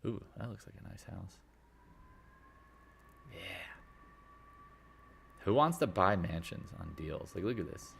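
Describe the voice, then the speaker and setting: Low gravelly man rambling about markets. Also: expressive, measured pace, pauses often, a little hiss or hum. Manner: rambling, jokey, self-deprecating. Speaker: market chat host and real estate agent. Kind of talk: casual live market chat.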